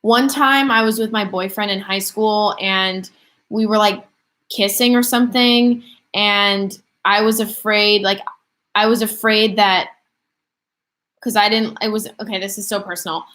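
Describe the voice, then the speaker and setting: A woman's voice: medium pitch, steady tone, a little slow, a bit bright. A woman in her twenties chatting casually on a livestream, rambling through viewer questions with lots of fillers. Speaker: livestream host.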